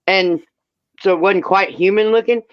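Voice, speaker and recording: A woman's voice: medium pitch, normal speed, no room sound, muffled recording. A woman co-hosting a casual chat show, telling stories in a blunt, profane, laid-back way. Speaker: co-host.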